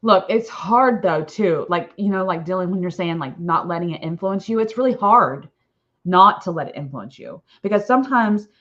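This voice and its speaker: A woman's voice: on the low side, lively intonation, moderate pace, a bit bright, highs cut off. A woman author hosting a casual live stream, chatting in a rambling way with frequent "okay?" tags and little laughs.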